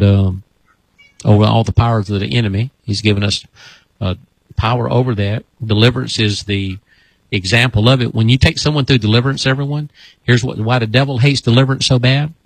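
On a broadcast, a man preaching as a deliverance minister keeps repeating commands for spirits to come out, chanting like an exorcist in a folksy, rambling way. His voice is lowish with fairly even intonation at a normal speed. The recording is dry and the audio quality is poor.

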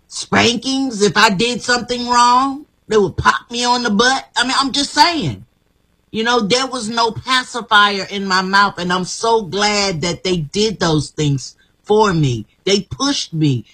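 A woman's voice: mid-range voice, sharp tone, slightly rough. A woman guest giving an emphatic, encouraging personal testimony, often repeating her phrases. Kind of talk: motivational testimony.

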